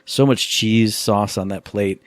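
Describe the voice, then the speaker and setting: A man's voice: on the low side, unhurried, dry recording. Joking man hosting a podcast, dry sound. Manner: joking storyteller. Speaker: podcast host. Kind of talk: casual chat.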